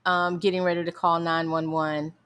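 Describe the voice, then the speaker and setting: A middle-aged mother tells a family story in a relaxed, chatty way, laughing as she goes. Her voice sits on the lower side for a woman and gets lively as the tale builds. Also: normal speed, clean tone. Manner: animated storyteller, laughs often.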